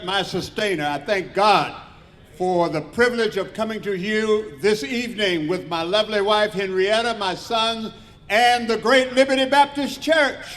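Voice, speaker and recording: A man's voice: high voice, fairly bright tone. An older man giving a formal award acceptance speech with a churchly, preacher-like cadence. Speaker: award recipient.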